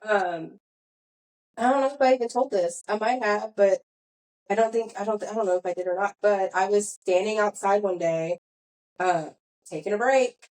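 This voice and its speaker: A woman's voice: mid-range voice, moderate pace, a little mellow, rough recording. A young woman hosting a podcast, telling a long story in a rambling, self-correcting way. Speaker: podcast host. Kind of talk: casual storytelling chat.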